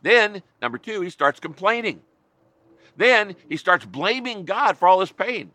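A man's voice: high voice, lively intonation, a little slow, sharp tone, no room sound. A man pastor preaching a sermon, emphatic, driving home points with repeated lists.

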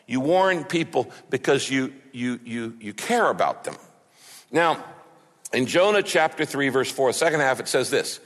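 A man's voice: mid-range voice, lively intonation, moderate pace, fairly bright tone, long reverb tail. A man pastor preaching a sermon, earnest and conversational, often repeating words for emphasis.

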